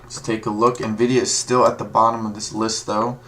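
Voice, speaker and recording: A man's voice: lowish voice, level tone, normal speed, fairly bright tone, a little hiss or hum. A man streaming live, giving casual, rambling commentary on stock moves as he reads tickers aloud. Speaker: livestream stock trader.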